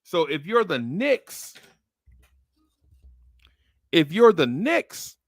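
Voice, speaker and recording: A man's voice: a little high, sing-song, extremely slow, creaky, no room sound, studio quality. A man hosting a podcast, chatting casually about basketball trades and acting out imagined phone calls. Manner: acts out phone calls in a streetwise voice. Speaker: podcast host.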